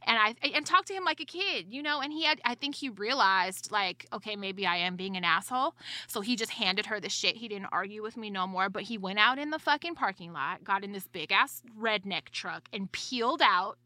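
A young adult woman telling a story with heavy swearing in a casual podcast chat, animated in her storytelling. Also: medium pitch, moderate pace, hardly any pauses, no room sound.

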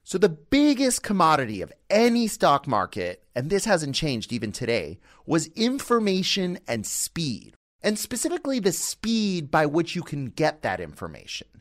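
A man's voice: a little high, wildly swooping pitch, moderate pace. A man hosting a podcast, reading a scripted opening in a conversational way with playful asides. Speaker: podcast host.

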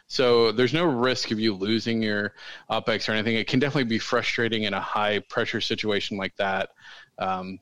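A man's voice: on the low side, fairly even intonation, normal speed, a bit bright, dry recording, poor audio. A man co-hosting a podcast, chatting casually and rambling with jokes and many fillers. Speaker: podcast co-host. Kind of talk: casual chat.

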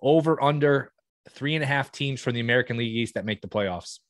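Male sports podcast host: quick, upbeat delivery, dry close recording. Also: mid-range voice, no room sound. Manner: upbeat, friendly, quick questions. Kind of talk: podcast interview, casual chat.

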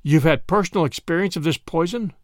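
A man voicing a cool, clinical surgeon in a read-aloud story, speaking in a measured, detached way. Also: a little high, no echo, clean studio sound, lightly acted. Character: cool, clinical middle-aged male surgeon.

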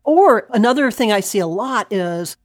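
A woman's voice: mid-range voice, normal speed, dry recording. Woman historian explaining in a dry room. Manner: animated, reads quotes aloud with laughs. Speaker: historian guest. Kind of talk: conversational explanation.

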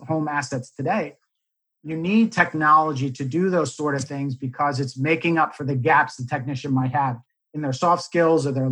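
Measured man with a husky voice. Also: fairly high pitch, bright, forceful tone, poor audio. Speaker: podcast host. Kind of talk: podcast conversation.

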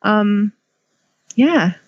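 A woman's voice: mid-range voice, expressive, extremely slow, slightly rough, no room sound, lo-fi sound. A Scottish woman guesting on a podcast, telling a story in a chatty, giggly way. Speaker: guest, yarn dyer. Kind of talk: casual interview chat.

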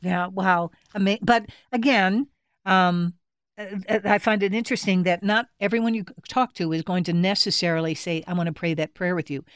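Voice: mid-range voice, a little fast, a bit bright, smooth, no room sound, clean studio sound. A radio show host asking long, leading questions and praising the guest's work. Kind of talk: interview.

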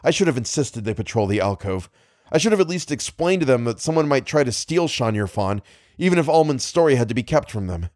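A man voicing a distraught gentleman who blames himself and speaks urgently about a danger on the loose. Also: mid-range voice, very animated, brisk, no echo, clean studio sound, close to an everyday voice. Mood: alarmed. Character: agitated, self-blaming man in alarm.

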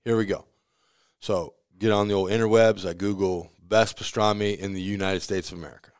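A man with a very low voice runs through stories from his pizzeria kitchen in an easy, chatty way. He slips into the voices of the people he quotes and laughs along as he goes. The sound is close and dry, with no room around it. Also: fairly quick, smooth, no room sound. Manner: animated storyteller who acts out quoted voices, laughs often. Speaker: pizzeria owner. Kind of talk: casual storytelling interview.

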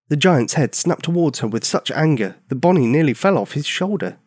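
A man reads a children's story with a very lively, rising and falling voice, slowing down and speeding up for effect. The sound is dry and close to the mic, with a mid-range pitch. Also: no room sound. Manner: expressive, varied pacing. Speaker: narrator.

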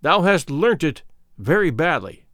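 Old tribal elder, wary and grave, lively intonation, dry sound, played by a male narrator. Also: a little high, measured pace, no echo.

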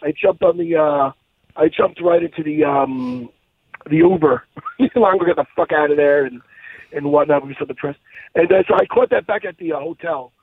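A man hosting a podcast, telling a story in a casual, animated and profane way and laughing at his own story. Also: a little high, moderate pace, creaky, husky. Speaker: podcast co-host. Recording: tinny, phone-like dry sound.

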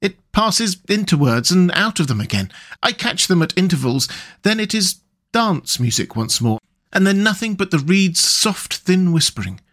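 A man voicing a gentle, dreamy male water rat from a storybook, speaking softly and wistfully. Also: sits high, sing-song, moderate pace, voice pushed up, exaggerated voice. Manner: soft, wistful, languid.

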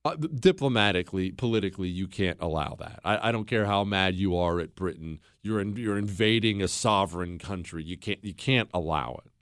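A man's voice: low-pitched, moderate pace, a bit bright, no echo, clean studio sound. A man hosting a history podcast, talking bluntly with sarcastic asides. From United States. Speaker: podcast host. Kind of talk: opinionated history talk.

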